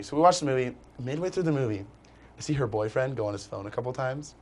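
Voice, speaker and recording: A young man telling a long story as a guest in a casual chat, animated and rambling, with "like" in nearly every phrase. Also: mid-range voice, fast talker.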